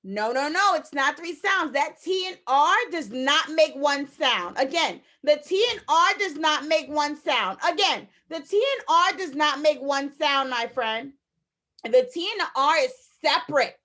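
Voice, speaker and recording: A woman teaching a phonics lesson to young children, sounding out letters slowly and emphatically, with repeated encouragement. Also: sits high, lively intonation, bright, forceful tone. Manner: encouraging, repeats phrases to the class. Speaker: kindergarten teacher.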